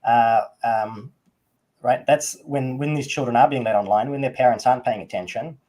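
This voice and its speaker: A man's voice: medium pitch, normal speed, dark tone. A man with a New Zealand accent co-hosting a political livestream, hesitant, with many fillers and restarts. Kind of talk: casual political talk show.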